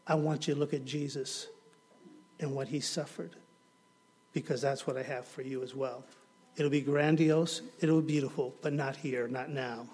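A man preaching a sermon, telling stories dramatically and swinging from hushed to loud. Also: mid-range voice, fairly even intonation, normal speed, husky.

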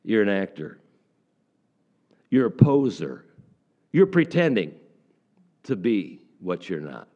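A man's voice: lowish voice, sing-song, slow pace, pauses often, darkish tone, muffled recording, exaggerated voice. A preacher voicing a stern male teacher who rebukes hypocrites with emphatic, rising lines. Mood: rebuking.

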